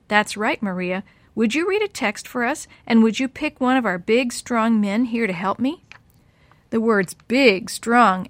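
A woman reading a chapter book aloud to children, giving the kids' lines lively voices. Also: fairly high pitch, dry recording. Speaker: storyteller for children.

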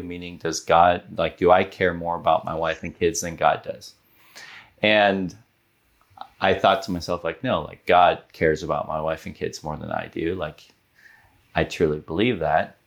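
Low-voiced man telling an earnest story. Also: gravelly. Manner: earnest, animated storyteller with frequent "like". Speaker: guest, business owner. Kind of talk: storytelling in a podcast interview.

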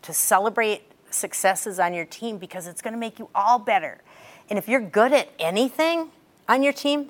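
Chatty middle-aged woman cheer coach. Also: medium pitch. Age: 50s. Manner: lively, chatty storyteller with sudden bursts of emphasis. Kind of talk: coaching talk to a group of athletes.

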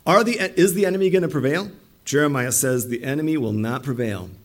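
A middle-aged male pastor preaching a sermon in an animated way, acting out the voices he quotes. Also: medium pitch, fairly quick.

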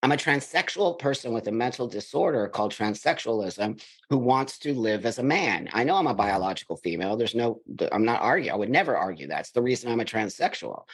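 A man's voice: mid-range voice, brisk, breathy edge. Emphatic middle-aged man telling his story. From United States. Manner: emphatic, blunt, animated in retelling. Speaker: podcast guest. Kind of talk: candid conversational storytelling.

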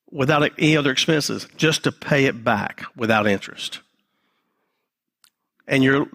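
Pastor dropping low and quiet to make his points. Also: creaky, breathy edge. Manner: repeats phrases, drops to a low quiet voice for emphasis. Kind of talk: sermon. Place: church.

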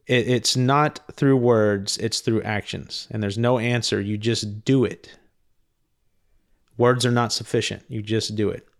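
A man telling of a spiritual experience in a slow, reflective monologue, often stopping and restarting his sentences. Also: fairly low pitch. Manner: halting, frequent restarts; slow, thoughtful delivery. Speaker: speaker recounting a spiritual experience.

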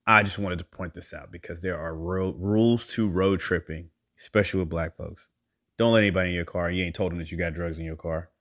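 Male podcast host, low register, casual storyteller who acts out the quotes. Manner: animated, acts out quoted voices with big pitch jumps.

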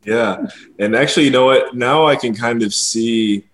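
A young man hosting a casual interview podcast, easygoing and quick to laugh. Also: mid-range voice, a bit bright. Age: young adult. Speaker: podcast host, grandson.

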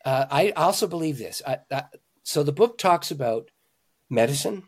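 Husky-voiced pastor telling stories. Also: male voice, a little high, normal speed. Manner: animated, emphatic, jumps between loud and hushed. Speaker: pastor and author, interview guest. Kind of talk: conversational storytelling.

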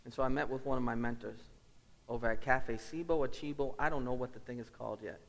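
A man's voice: mid-range voice, fairly even intonation, fast talker, vocal fry. Earnest man preaching in a reverberant hall. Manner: earnest, storytelling with repeated phrases. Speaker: lead pastor. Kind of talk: sermon. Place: church sanctuary.

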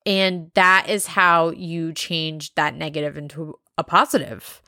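A woman hosting a casual solo podcast, talking bluntly with lots of swearing and rambling asides while high. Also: fairly even intonation, slow pace, sharp tone, dry recording, studio quality. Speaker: podcast host.

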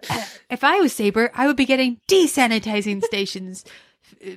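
A blunt office salesman who lays down tough ideas in a flat, matter-of-fact way, as a woman puts him on with an American accent. The voice sits close and dry, with no room around it. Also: a little high, brisk, no room sound. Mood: lecturing. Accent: put-on American.

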